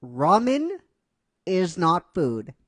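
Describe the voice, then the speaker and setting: A man's voice: high-pitched, huge pitch swings, extremely slow, fairly bright tone, no echo, clean studio sound, exaggerated voice. A man voicing a bossy, stern young female ninja who lectures firmly. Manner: firm, lecturing.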